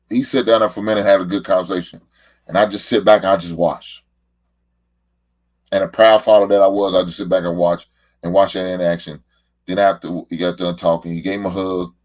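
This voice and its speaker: A middle-aged man with a very low voice hosts his own show. He tells stories casually and at length, and he often stumbles and repeats words as he goes. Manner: rambling, repeats words when emotional. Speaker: podcast host, father. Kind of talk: casual heartfelt monologue.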